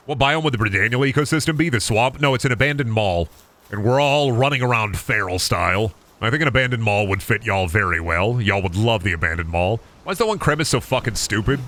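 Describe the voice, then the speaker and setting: A man streaming a game, chatting casually in an animated, joking, crude way. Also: fairly low pitch. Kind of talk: casual gaming stream chat.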